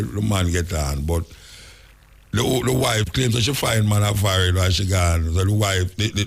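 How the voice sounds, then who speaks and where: A man's voice: on the low side, creaky. A Jamaican man hosting casual talk radio, rambling through anecdotes in patois and chuckling often. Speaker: radio talk show host.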